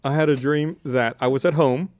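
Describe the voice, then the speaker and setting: A man's voice: fairly high pitch, steady tone, moderate pace, darkish tone. A man telling a funny story in casual chat, laughing as he goes. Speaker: podcast regular.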